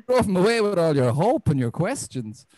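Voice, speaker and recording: A man's voice: sits high, low-quality recording. Irish man doing stand-up. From Ireland. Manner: deadpan, self-deprecating, swears often. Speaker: stand-up comedian. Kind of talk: stand-up comedy set. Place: comedy club stage.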